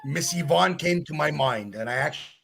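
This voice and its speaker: A man who calls himself outspoken, chatting casually on a live stream in a halting way with many restarts. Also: a little high, lively intonation, creaky, fairly bright tone, slight background noise. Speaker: regular guest who brings news.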